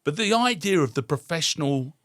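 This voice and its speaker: A man's voice: on the high side, lively intonation, a bit bright, no room sound. Wry man co-hosting history chat. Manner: wry, quick with jokes and agreement. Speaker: podcast co-host.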